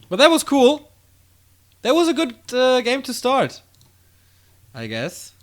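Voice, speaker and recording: A man casting a strategy game on his own, calling the action in quick play-by-play and rambling casually to viewers between games. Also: very high-pitched, slight background noise. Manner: excitable play-by-play, drifting into loose rambling asides between games. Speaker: esports caster. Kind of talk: solo game commentary with casual chat.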